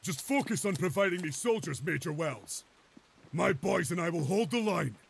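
An actor playing a proud front-line officer in a war game, speaking with determination. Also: male voice, a little high, expressive, normal speed, vocal fry, slightly rough, heavily acted. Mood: determined. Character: gruff male army officer, stubborn and proud. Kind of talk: game voice acting.

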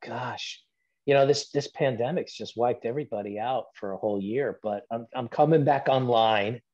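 A man's voice: medium pitch, moderate pace, muffled recording. A middle-aged man, a guest actor, chatting casually and rambling with fillers on a video call. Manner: relaxed, rambling with fillers and restarts. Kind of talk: casual podcast chat.

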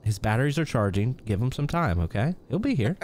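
A man's voice: mid-range voice, big pitch swings, a little fast, a little mellow, slight background noise. A man hosting a live stream, reading out viewer names and chatting casually with frequent chuckles. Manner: reads viewer names aloud, chuckles often. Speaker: livestream host.

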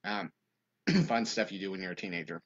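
A young man, a youth minister, telling a funny story in a casual livestream chat and reading viewer comments. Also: brisk. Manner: animated storyteller, high-pitched quoted voices. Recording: dull lo-fi livestream audio.

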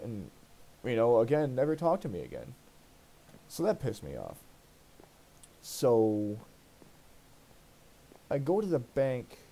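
A man's voice: mid-range voice, warm tone. A man hosting a let's play, telling a long personal story in a rambling, profane, aggrieved way while he plays. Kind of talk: casual storytelling while gaming.

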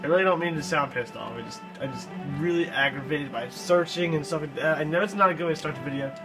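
A young man narrates his gameplay in an irritated, profanity-laced rant. His voice sits a little high for a man. Game music plays clearly underneath his commentary. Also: quick pace, low-quality recording. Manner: frustrated, swearing often. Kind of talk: let's play commentary.

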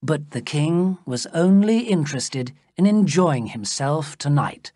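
A woman reading a classic adventure story aloud in a slow, careful, expressive way, as scripted narration for English learners. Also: low voice, husky, dry recording, clean studio sound.

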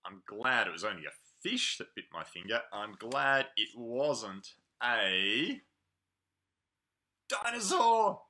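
A man runs a preschool playgroup and reads a picture book to the toddlers. He's animated and sing-song, stretching his words out, and his voice sits on the low side.

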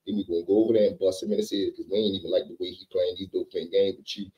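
A man voicing a group of bullying male inmates who lay down threats in a low, hushed tone. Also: steady tone, rapid-fire, close to an everyday voice, poor audio. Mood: threatening.

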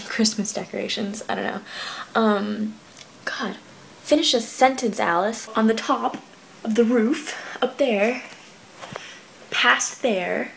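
A young woman talks to her camera late at night from her bedroom, rambling and giggling, slightly out of breath. Her voice has a gravelly fry, with a faint hiss in the background. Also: medium pitch, rough recording. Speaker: vlogger. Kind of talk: casual late-night vlog.

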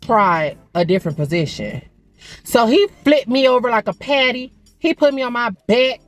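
A woman's voice: a little high, lively intonation, moderate pace, faint music behind. A woman telling a frank, profane story in a casual vlog, chatting to viewers as "girl" and "baby".

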